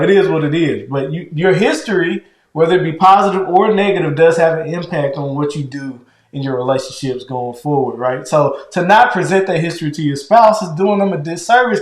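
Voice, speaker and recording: A man with a naturally loud, fairly high voice talks about marriage in a loose, animated way, checking in with his listener as he goes. The room around him is roomy and echoey. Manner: conversational, loose and animated, keeps checking in with "right?". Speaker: podcast co-host with his wife. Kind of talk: casual relationship talk.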